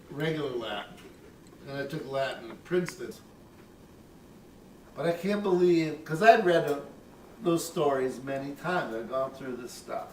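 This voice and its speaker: A man's voice: medium pitch, recorded from a distance, slight background noise. Older man telling a rambling story. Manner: rambling, profane, chuckling. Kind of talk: casual personal storytelling. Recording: roomy, off-mic, faint ambience.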